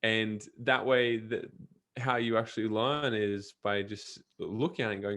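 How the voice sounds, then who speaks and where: A man's voice: lowish voice, steady tone, measured pace, a bit bright. A man, a guest on an interview, talking energetically and emphatically with frequent restarts. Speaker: podcast coach and guest. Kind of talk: casual interview talk.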